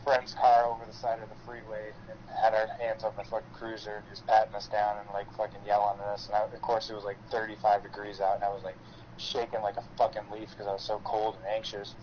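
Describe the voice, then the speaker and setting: A man's voice: on the low side, level tone, quick pace, a little hiss or hum. A man co-hosting a podcast, telling a rambling, profane story full of fillers. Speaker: podcast co-host. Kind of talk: casual storytelling chat. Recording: dull lo-fi podcast audio.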